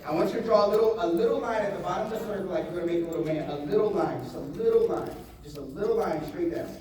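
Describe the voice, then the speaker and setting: A man giving a motivational seminar talk to a live audience, animated, repeating phrases and getting the crowd to answer back. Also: sits high, racing. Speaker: motivational speaker. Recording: echoey hall, voice from a distance.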